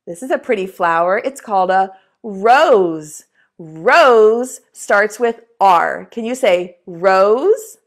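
A woman teaching a preschool lesson, talking to young children in a slow, encouraging way and asking them to repeat words after her. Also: medium pitch, expressive.

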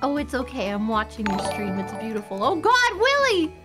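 A woman's voice: huge pitch swings, over music. A woman guest on a game stream, chatting and joking casually with the host. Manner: joking, drawn-out, wildly swinging pitch.

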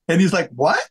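Animated man telling a story. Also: on the high side, poor audio. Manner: animated storyteller who acts out quoted dialogue; frequent restarts and repeated words. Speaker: guest, singer and songwriter. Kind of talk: storytelling interview. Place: his home music studio.

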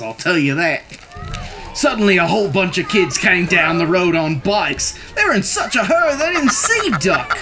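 A woman reading children's picture books aloud in a slow, animated way, adding her own asides. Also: on the low side, noisy background. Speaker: storybook reader.

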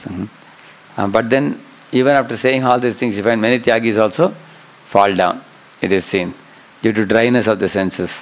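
Middle-aged man, lecturer; low, creaky, conversational teaching that keeps checking in with listeners. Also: poor audio. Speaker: spiritual teacher. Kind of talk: scripture class lecture.

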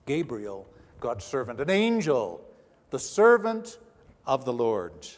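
A male pastor preaching a sermon with dramatic swings between hushed and raised delivery. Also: medium pitch, huge pitch swings, slow. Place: church sanctuary. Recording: long church reverb.

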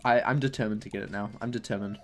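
A young gaming YouTuber casually commentates while opening game packs, firing off exasperated, repetitive, mock-angry complaints about his bad luck. His voice is lowish and steady, he talks fast, and faint music plays behind him.

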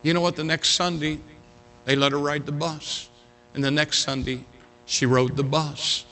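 A man pastor preaching a sermon through a dramatic story. His voice sits fairly high with a bright, forceful edge. He swings from loud urging to hushed telling. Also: flat delivery, moderate pace, slight background noise. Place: church sanctuary.

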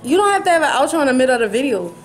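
A woman's voice: sits high, sing-song, rapid-fire, soft background music, poor audio. A young woman vlogging at home, chatting upbeat to the camera about her plans. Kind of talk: casual chat to camera. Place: at home, indoors. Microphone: handheld camera.

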